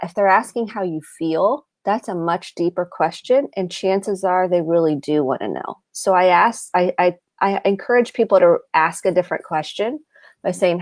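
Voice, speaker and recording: Low-voiced woman therapist, dry sound. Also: moderate pace, dry recording. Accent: American Midwest. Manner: earnest, explains with acted-out example lines. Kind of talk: advice talk on a live show.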